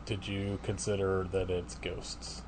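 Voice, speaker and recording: A man's voice: sits low, completely flat delivery, slow, a little hiss or hum. A man co-hosting a podcast, chatting casually with wry jokes and casual swearing. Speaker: podcast co-host.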